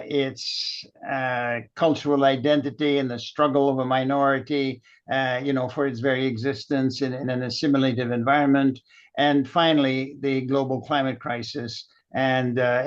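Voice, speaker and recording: A man in his eighties with a French Canadian accent, a guest author speaking thoughtfully with many pauses and fillers. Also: mid-range voice, little pitch movement, dull audio. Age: 80s. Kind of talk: casual interview.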